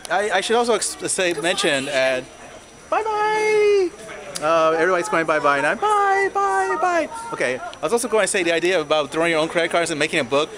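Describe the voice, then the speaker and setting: A man's voice: fairly high pitch, rapid-fire, hardly any pauses. A man interviewing cosplayers at a convention, talking in a laid-back, chummy way outdoors at night. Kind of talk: casual interview.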